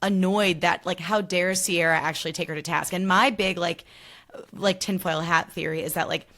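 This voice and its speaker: A woman hosting a podcast, chatting casually about a reality show, full of "like" fillers and quick impressions of people. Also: fairly low pitch. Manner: animated, lots of "like" fillers, mimics people. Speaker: podcast host. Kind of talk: casual chat.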